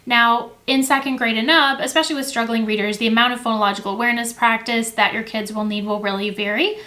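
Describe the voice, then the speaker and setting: A young female teacher who also hosts education videos explains classroom activities to the camera in a slightly high, bright, forceful voice with a steady tone. She's casual and friendly, using plenty of fillers and quickly correcting herself. She sits at a table indoors, close to the camera.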